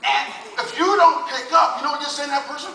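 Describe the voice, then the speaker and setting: Older male comic, very high sharp voice, loud and punchy, echoey far-off audience tape. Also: fairly even intonation, quick pace, slight background noise. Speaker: stand-up comedian. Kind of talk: stand-up comedy set. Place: casino showroom stage. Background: faint crowd laughter.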